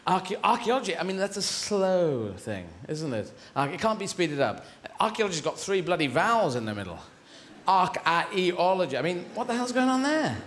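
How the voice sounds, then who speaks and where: A stand-up comedian on a big theatre stage, talking in a rambling, digressive way with a lively, swooping pitch. His voice sits a little higher than most men's. The recording has strong room echo and clearly audible audience noise. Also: brisk, hardly any pauses. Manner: rambling, animated, digressive, swears freely.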